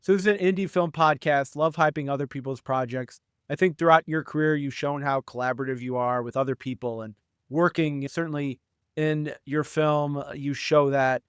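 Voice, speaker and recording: A man's voice: fairly high pitch, steady tone, normal speed, clear, resonant tone, dry recording, clean studio sound. A man hosting an indie film podcast, asking questions and praising his guest with enthusiasm. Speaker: podcast host. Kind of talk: podcast interview.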